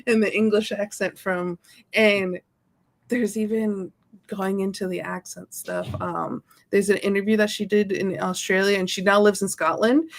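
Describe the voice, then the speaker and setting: A woman's voice: mid-range voice, flat delivery, moderate pace. A woman co-hosting a book club podcast, chatting casually, laughing often and explaining eagerly. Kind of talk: casual chat.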